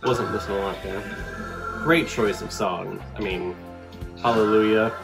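A man hosting a casual movie reaction, talking in an excitable, gushing, emotional way. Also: on the low side, measured pace, creaky, music in the background. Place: home room with shelf behind.

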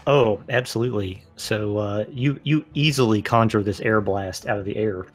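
Man, game master, low voice, dramatic storytelling, music faintly behind. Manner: descriptive, dramatic storytelling with filler pauses. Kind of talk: narrating a tabletop game.

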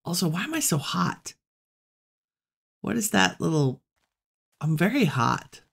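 A woman hosting a relaxed let's-play, musing aloud and chatting to the animals she meets in the game. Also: fairly low pitch, measured pace, gravelly, husky. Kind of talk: relaxed gameplay commentary.

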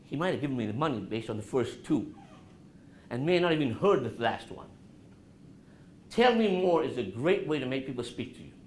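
Addressing college students at a normal speed with frequent pauses, a man speaks in an animated, swinging voice, putting questions to the class and lowering his voice softly to convey calm. Faint noise sits in the background of a roomy recording.

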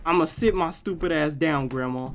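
A young man hosting a gaming channel, joking and trash-talking his way through a horror game, swinging from low mutters to loud yelps. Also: moderate pace, slight background noise. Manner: joking trash talk at the game's granny. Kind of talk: horror game let's play commentary.

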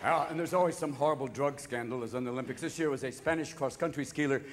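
A man's voice: mid-range voice, slight background noise. A man doing manic, profane stand-up comedy on a theater stage. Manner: manic, profane, rapid shifts of voice. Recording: live theater, audience laughter.

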